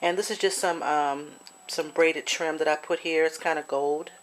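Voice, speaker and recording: A chatty woman with a lowish voice walks through her handmade craft piece in a casual show-and-tell. She searches for words with lots of fillers and restarts, now and then apologizing. Her tone stays homey and unscripted. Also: fairly even intonation, moderate pace. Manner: gets emotional and apologetic. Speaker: crafter showing a swap project.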